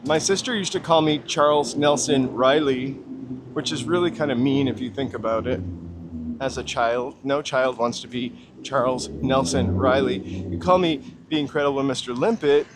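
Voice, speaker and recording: A middle-aged man hosting a casual walking live-stream outdoors, chatting to viewers with joking, self-deprecating asides. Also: mid-range voice. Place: outdoors on downtown city streets and through tunnels. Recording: faint city street noise. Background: city traffic ambience.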